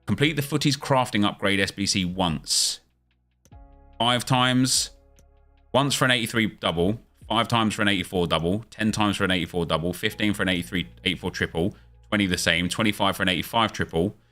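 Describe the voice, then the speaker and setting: A gaming streamer man with a lowish, bright, forceful voice talks casually with his audience. He runs through updates in a loose, chatty way and punches up the energy for his video intros. Faint music plays behind him. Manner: chatty, quick back-and-forth with viewers, hype intro energy. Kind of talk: casual livestream chat and upbeat video intro.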